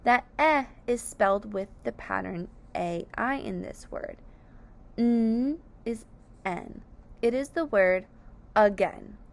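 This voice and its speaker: A woman's voice: mid-range voice, expressive, measured pace, vocal fry. A woman teaching a phonics lesson, sounding out each word syllable by syllable with careful, over-enunciated speech. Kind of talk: slow, deliberate phonics lesson.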